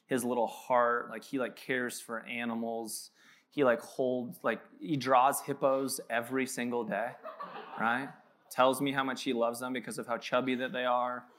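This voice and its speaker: A man's voice: medium pitch, little pitch movement, moderate pace, fairly bright tone. A man in his thirties, a pastor telling joking, casual stories in a sermon at a church. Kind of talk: conversational sermon. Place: church sanctuary.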